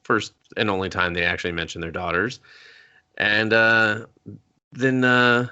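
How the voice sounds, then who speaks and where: Low-voiced man riffing on a movie. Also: little pitch movement, a little slow, sharp tone, clean tone. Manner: mimics movie characters in high exaggerated voices, swears a lot. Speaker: co-host. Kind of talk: casual movie review chat. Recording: dull lo-fi audio.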